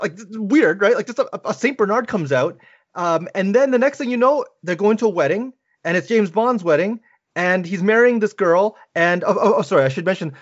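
A man's voice: high voice, lo-fi sound. A man co-hosting a podcast in casual chat, rambling and correcting himself as he retells a film plot. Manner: rambling, self-correcting storyteller. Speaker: podcast co-host.

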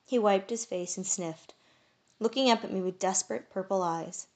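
A woman narrating a first-person fantasy audiobook in a measured, expressive way. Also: medium pitch.

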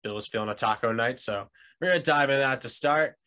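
A relaxed man chatting as co-host of a casual podcast. He jokes easily and lets his lines fade out softly at the end, with a voice of middling pitch. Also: fast talker, clear, resonant tone.

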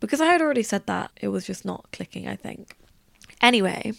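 A young woman chats away as a podcast host, spilling stories in a loose, rambling flow. Her voice crackles with heavy vocal fry throughout. The recording is dry, with no room sound around her. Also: medium pitch, expressive, fairly quick, dry recording. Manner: chatty, rambling, heavy use of "like". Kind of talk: casual storytelling chat.

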